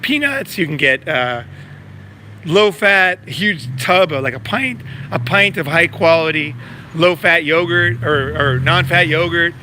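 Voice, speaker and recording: A man talks to camera outdoors on a city street, his fairly high voice bright and sharp-edged. He rambles, swears and piles on fillers and repeated words, with faint street noise behind him. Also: animated, a little slow. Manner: profane, filler-heavy, repeats himself. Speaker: vlogger promoting a meetup. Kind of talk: casual rambling vlog talk.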